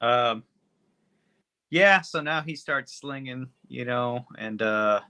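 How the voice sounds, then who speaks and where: A man's voice: medium pitch, slow pace, sharp tone, clean tone. A man co-hosting a podcast, recapping a movie plot in a laid-back, rambling way. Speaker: podcast co-host. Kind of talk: casual movie review chat.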